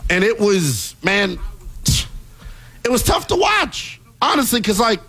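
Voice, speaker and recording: High, lively-voiced basketball show host. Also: male voice, slow pace. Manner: animated, exasperated, emphatic. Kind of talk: sports commentary rant. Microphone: earpiece in studio.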